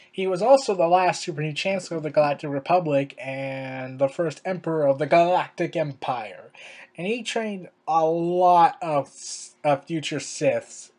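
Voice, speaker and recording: A man's voice: a little high, a little slow, darkish tone. A young man giving casual commentary in a video, rambling and full of filler words. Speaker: video creator.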